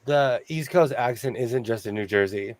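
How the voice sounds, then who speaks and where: A man's voice: mid-range voice, moderate pace, slight background noise. An older man hosting a sewing livestream, chatting casually and jumping between topics. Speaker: sewing show host.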